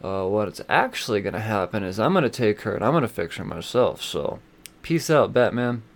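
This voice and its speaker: A man's voice: lowish voice, very animated, moderate pace. A man speaking as a scheming male supervillain in an offhand, dismissive way, with casual fillers, during a podcast recap. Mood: smug.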